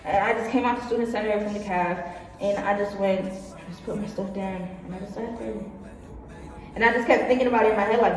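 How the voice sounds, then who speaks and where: A woman's voice: mid-range voice, steady tone, fairly quick, a little hiss or hum. A young woman telling a personal story in a casual vlog, rambling with lots of fillers and acting out what people said. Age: young adult. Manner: rambling, filler-heavy, acts out quotes. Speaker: vlogger. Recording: echoey room, far from mic, faint music.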